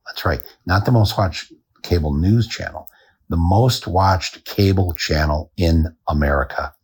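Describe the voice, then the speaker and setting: Male podcast host, husky low voice, dry satirical monologue. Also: a little slow. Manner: dry, deadpan telling with chuckles.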